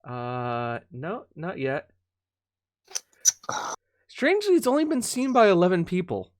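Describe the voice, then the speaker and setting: A man's voice: high-pitched, big pitch swings, measured pace, no echo, clean studio sound. A man co-hosting a podcast in casual, joking chat. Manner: joking, playful, does voices. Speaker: podcast co-host. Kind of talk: casual chat on a live stream.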